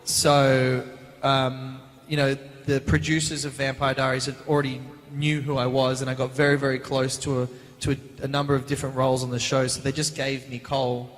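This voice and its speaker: A man, answering fan questions as a guest actor on a convention panel, chatty and animated, recorded on a handheld mic in a large hall. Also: mid-range voice, brisk. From Australia. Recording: reverberant hall.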